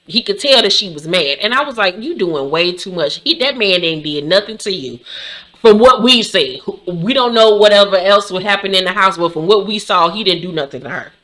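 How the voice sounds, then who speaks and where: Sassy, blunt woman recapping reality TV. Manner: sassy, blunt and animated, with sudden high-pitched outbursts. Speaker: commentary host recapping a reality show. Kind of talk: casual, profane recap commentary.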